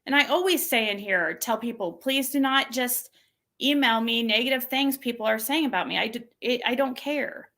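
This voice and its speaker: A woman's voice: normal speed, sharp tone. A woman hosting her own channel, venting casually and exasperatedly, mimicking the messages she received. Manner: venting, exasperated, mocks quoted texts in a shrill voice. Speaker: channel host. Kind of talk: casual livestream rant.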